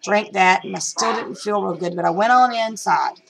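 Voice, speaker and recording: A woman's voice: mid-range voice, normal speed, creaky, a crowd in the background, poor audio. A middle-aged woman vlogging about reselling, telling a story in a rambling, chatty way with lots of fillers and restarts. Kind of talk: casual storytelling vlog.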